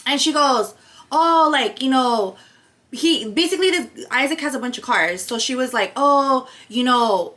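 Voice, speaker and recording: A young woman talking straight to her viewers, retelling a personal drama in a fast, profane, animated way and acting out the other people's lines. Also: high-pitched. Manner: rapid, profane, animated retelling with acted quotes. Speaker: vlogger telling her side of a story. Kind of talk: casual storytime to camera.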